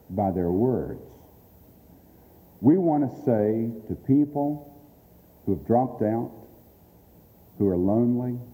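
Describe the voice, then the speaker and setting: A man with a lowish, dark voice delivers an earnest, sermon-style address about radio outreach, hammering his points home through emphatic repetition. The recording carries a long hall reverb.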